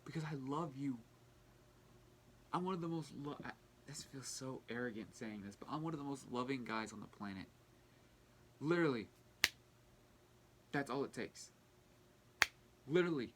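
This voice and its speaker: Young man, middle pitch, tearful, earnest, stumbling over words, faint hiss behind. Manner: earnest and heartfelt, halting with restarts. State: tearful, fighting back crying. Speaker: vlogger. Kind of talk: emotional personal vlog.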